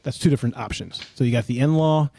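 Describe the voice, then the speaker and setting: A man's voice: mid-range voice, fast talker, vocal fry, dark tone, dry recording. A middle-aged man hosting a podcast, telling a rambling, self-mocking story in casual chat. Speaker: podcast host.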